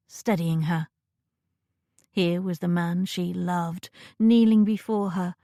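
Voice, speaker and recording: Woman audiobook narrator, romance, measured and intimate, low-ish with fry. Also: warm tone, dry recording, studio quality.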